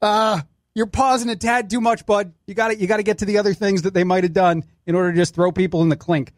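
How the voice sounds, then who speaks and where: Male fill-in radio host, higher register, dry studio sound, wry and opinionated. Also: fairly even intonation, fast talker, no room sound. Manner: wry, critiques clips as he plays them. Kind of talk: opinionated talk radio commentary.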